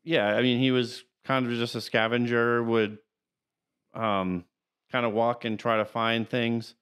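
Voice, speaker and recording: Guy on a podcast going through old cartoon robots, lots of um and like, halting. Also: medium pitch, flat delivery, fairly bright tone, smooth. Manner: rambling, halting, reads character facts aloud. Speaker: podcast co-host. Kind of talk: casual chat.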